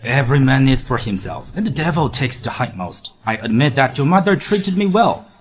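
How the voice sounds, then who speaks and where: A man's voice: mid-range voice, very animated, moderate pace, close to an everyday voice. A man voicing a ruthless, scornful young man who sneers at others in a dubbed drama. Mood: sneering.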